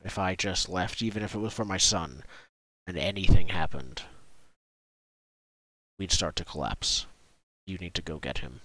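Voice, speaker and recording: A man's voice: low voice, bright, forceful tone, no room sound, pitched below the performer's own voice. Man voicing a stern old village chieftain. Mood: grave. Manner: slow, grave and commanding. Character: stern aging male village chieftain, proud father.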